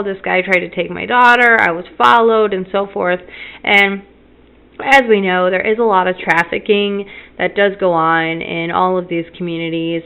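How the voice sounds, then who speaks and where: A woman's voice: fairly low pitch, creaky, clear, resonant tone, muffled recording. Woman telling a personal story. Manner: fast, tearful retelling with acted quotes. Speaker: vlogger.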